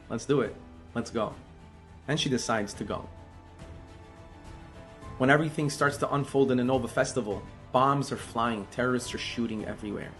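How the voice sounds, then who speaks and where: A man telling a religious story in an animated, emphatic way, with sudden swings in loudness. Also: medium pitch.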